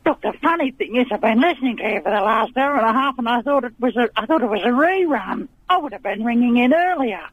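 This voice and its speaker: Fields: Figure: gushing grand old lady caller played by a man. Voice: very high. Line: dull phone. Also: expressive, fast talker, hardly any pauses, a little hiss or hum. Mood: flirtatious. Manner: gushing, talks over the host, calls him darling. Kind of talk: comic phone-in character.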